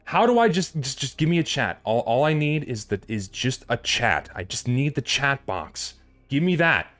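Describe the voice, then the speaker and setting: A man's voice: mid-range voice, lively intonation, normal speed, a bit bright. A man livestreaming, chatting to his viewers and muttering to himself as he fiddles with his settings, swearing often. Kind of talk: live stream chatter.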